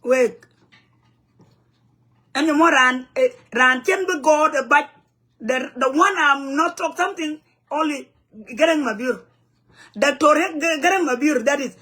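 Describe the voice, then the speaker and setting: High-voiced woman. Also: unhurried, pauses often, pushed and bright. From South Sudan. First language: Nuer. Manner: heated, blunt, broken English mixed with Nuer phrases. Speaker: community vlogger. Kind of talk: angry direct-to-camera rant. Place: home in the U.S.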